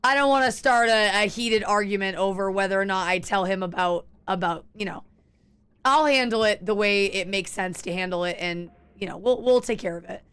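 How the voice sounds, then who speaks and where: A woman's voice: mid-range voice, moderate pace, a bit bright, smooth. Candid, rambling woman streamer. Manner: candid, rambling, frequent restarts and swearing. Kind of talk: casual chat while gaming.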